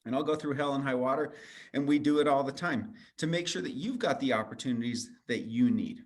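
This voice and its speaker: A man's voice: mid-range voice, brisk. A man speaking as a guest on a call, giving an earnest, persuasive motivational talk that addresses listeners directly. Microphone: video call.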